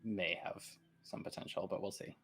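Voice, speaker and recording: A man's voice: sits low, fairly even intonation, normal speed, a bit bright, breathy edge. A man among the players, speaking in a hesitant, tentative way. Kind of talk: casual chat.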